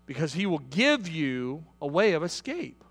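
High, bright-voiced preaching man. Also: big pitch swings, unhurried, in a large hall. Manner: builds to loud, high-pitched preaching; storytelling with direct appeals to listeners. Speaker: pastor. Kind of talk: sermon.

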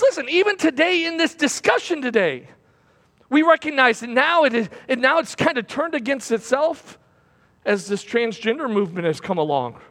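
A man preaching a sermon from a church platform, swinging between loud bursts and hushed, repeated phrases. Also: extremely high pitch, lively intonation, normal speed, gravelly. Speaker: pastor. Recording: long hall reverb.

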